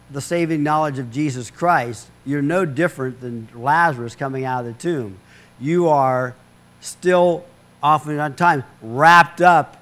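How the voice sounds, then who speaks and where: A man's voice: a little high, fairly bright tone. A man preaching a sermon in a conversational way, with humorous asides, restarts and repeated words. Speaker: pastor.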